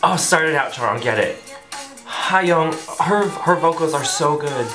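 Gushing, animated man in a roomy space. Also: fairly high pitch, measured pace. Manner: gushing, breathless fanboy exclamations. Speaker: reaction video host. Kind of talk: excited music video reaction. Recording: roomy echo with faint music.

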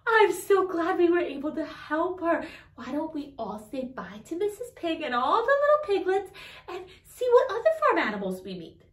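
A woman's voice: very high voice, very animated, moderate pace, far from the mic. A woman teaching toddlers in a sing-song, coaxing way, asking the children questions and imitating animal sounds. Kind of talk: toddler learning video. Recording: echoey room, voice off-mic.

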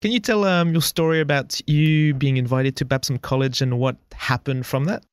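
A man's voice: mid-range voice, fairly even intonation, normal speed, clean tone, dry recording, clean studio sound. A man hosting a podcast interview, chatting casually and laughing often. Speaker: podcast host.

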